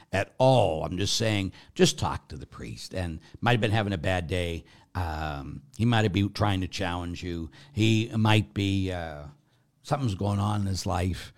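Candid man, Catholic priest, lowish voice. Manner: candid storytelling, animated when quoting others. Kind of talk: casual advice talk.

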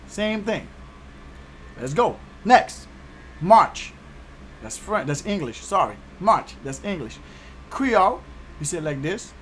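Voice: medium pitch, sing-song, takes it slowly, pauses often, a bit bright, slight background noise. A host from Haiti teaching a casual online language lesson, upbeat and repeating each word for learners.

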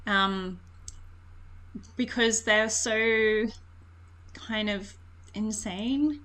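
A woman's voice: medium pitch, fairly even intonation, extremely slow, a bit bright. Giggly woman chatting about films. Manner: giggly, hesitant, laughs often. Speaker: podcast co-host. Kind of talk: casual film chat.

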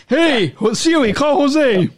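Male co-host, high and very lively voice, jokey and laughing, dry close sound. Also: no echo. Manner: laughs often, animated and joking. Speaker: podcast co-host. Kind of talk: casual chat.

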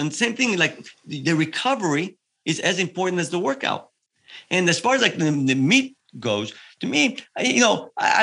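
A man working as a health coach, explaining his approach in a podcast interview, lively and full of examples. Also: sits high, husky.

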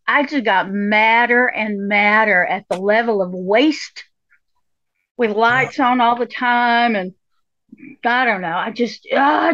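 A folksy woman chats casually on a podcast, her voice sitting a little high. She swears now and then and laughs easily. The sound is dry and slightly dull, like a lo-fi home mic. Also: a bit bright, dry recording. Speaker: podcast co-host. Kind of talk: casual chat.

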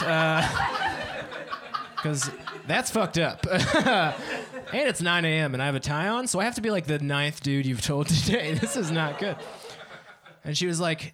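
A man's voice: on the high side, very animated, unhurried, a bit bright. A man in his twenties doing a stand-up set on a club stage, often laughing at his own jokes. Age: 20s. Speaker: stand-up comedian.

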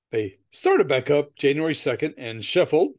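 A man's voice: fairly high pitch, wildly swooping pitch, measured pace. A man co-hosting a podcast in casual chat, telling stories in a rambling way, laughing often and swearing casually. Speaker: podcast co-host.

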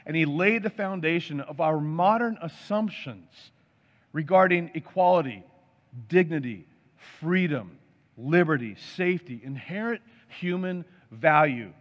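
A man's voice: fairly high pitch, lively intonation, a little slow. Man preaching in a reverberant hall. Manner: emphatic preaching with piled-up word lists. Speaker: pastor. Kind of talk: sermon. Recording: dull sound with long hall reverb.

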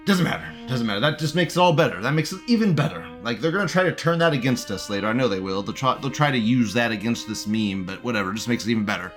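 A man's voice: mid-range voice, animated, fast talker, hardly any pauses, fairly bright tone, faint music behind. A man hosting a live show, rambling in casual commentary, laughing often and repeating himself. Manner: reads out chat messages in a mocking tone.

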